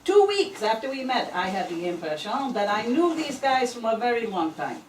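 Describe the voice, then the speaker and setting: Woman doing a French-accented man reading his letter; fond, halting, far off in a reverberant hall with light hiss. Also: a little high, big pitch swings. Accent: put-on French. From Scotland. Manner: earnest, halting phrasing. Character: French man fondly recalling an old friend. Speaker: reader of a letter at a memorial.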